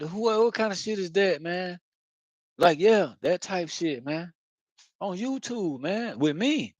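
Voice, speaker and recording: Rambling, profane man, fairly high voice. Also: lively intonation, slow pace, dry recording, rough recording. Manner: loose, profane, full of filler phrases; repeats himself, circles back. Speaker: spiritual video host. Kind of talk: rambling casual monologue.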